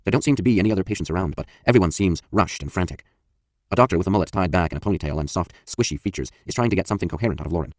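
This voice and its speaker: A man with a very deep voice reads his first-person memoir audiobook at a rapid clip, blunt, confessional, and swearing freely. The recording is dry and close, with no room sound.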